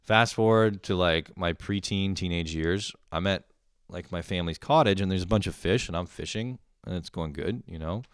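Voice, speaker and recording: A man's voice: low-pitched, normal speed, clear, resonant tone, no echo, studio quality. A young man telling a rambling, profane story in a casual monologue, often laughing at himself. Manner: rambling, swears a lot, laughs at his own stories. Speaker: podcast host.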